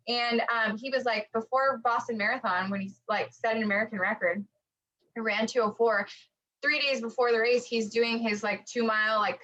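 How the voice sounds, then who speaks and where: A woman co-hosting a running podcast in casual chat, lively and acting out quotes with lots of fillers. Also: a little high. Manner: animated, acts out quotes, many fillers. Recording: dull lo-fi audio.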